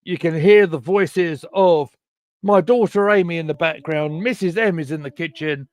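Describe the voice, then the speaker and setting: A man hosting a casual football chat stream over a video call, chatty and excitable, with lots of stumbling restarts. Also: a little high, normal speed, no echo. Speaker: host. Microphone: home computer mic on a video call.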